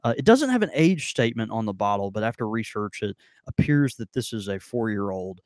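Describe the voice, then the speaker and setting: A man's voice: fairly low pitch, very animated, a little fast, a little mellow, no echo. A man talks casually as a co-host. His voice rises and falls with a lot of life, and he meanders through fillers and restarts. The sound is dry and close. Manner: rambling, many fillers and restarts. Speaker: podcast co-host. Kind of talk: casual tasting chat. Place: in Mississippi.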